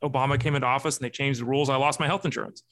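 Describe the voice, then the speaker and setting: A man's voice: mid-range voice, steady tone, rapid-fire, fairly bright tone. A man in his forties talking as a podcast guest, speaking hesitantly with many ums and restarts. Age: 40s. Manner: hesitant, filler-heavy. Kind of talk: casual podcast chat.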